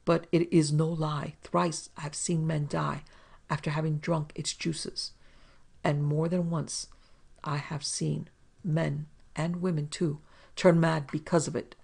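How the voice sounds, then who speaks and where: A woman voicing a fierce, loyal male Afghan tribesman warrior who speaks in a slow, solemn way. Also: fairly high pitch, level tone, vocal fry, a little mellow, breathy edge, full character voice.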